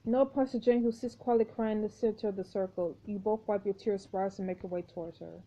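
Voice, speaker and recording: A woman reading a story game aloud with expressive commentary, exclaiming at each turn. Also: medium pitch, fairly quick, hardly any pauses. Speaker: gameplay narrator. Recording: dull lo-fi recording.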